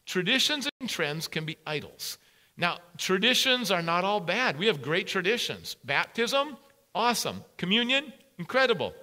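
A man's voice: high voice, big pitch swings, moderate pace, sharp tone. A man preaching a sermon as a pastor, emphatic and repeating key phrases for weight.

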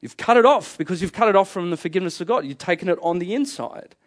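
A man's voice: sits high, animated, fast talker. A middle-aged man preaching a sermon, emphatic and fond of repeating key phrases. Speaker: pastor.

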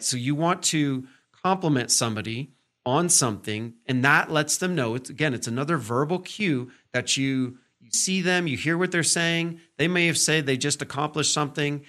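A man's voice: fairly high pitch, moderate pace, sharp tone. Man talking through respectful manners. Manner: conversational, full of fillers and "right?" check-ins; acts out tones in short quoted examples. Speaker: podcast host. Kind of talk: casual teaching monologue.

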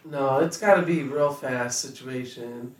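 A man's voice: medium pitch, a little slow, crowd noise. Distant, echoey man hosting casual chat. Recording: distant, roomy mic.

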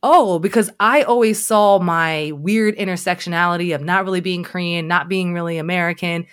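A woman hosting a casual conversation, telling candid stories in an animated way with many fillers. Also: on the low side, brisk, clean tone.

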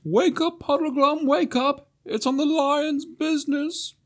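A man voicing an urgent male owl with high hooting calls, while reading a storybook aloud. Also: fairly even intonation, a little slow.

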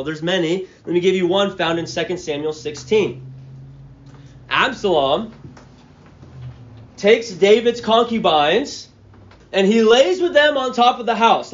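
A pastor with a notably high voice works through a Bible passage as if talking with friends. He keeps asking "right?" and "okay?" and trips over restarts as his thoughts run ahead. The recording sounds muffled and lo-fi. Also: fairly bright tone. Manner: conversational, checks in with "right?" and "okay?"; stammers and restarts mid-phrase. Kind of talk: expository sermon. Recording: dull lo-fi sound.

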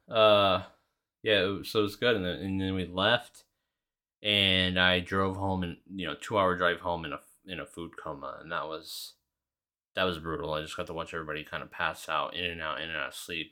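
Low-voiced young man, swearing and rambling. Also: sharp tone. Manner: rambling, heavy swearing, lots of fillers. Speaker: podcast host. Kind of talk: casual solo chat.

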